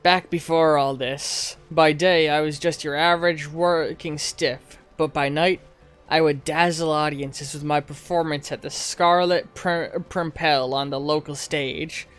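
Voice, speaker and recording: A man's voice: a little high, steady tone, unhurried, fairly bright tone, clean tone, soft background music. A man reading as a vain amateur stage actress. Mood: proud. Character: theatrical small-town woman performer, vain.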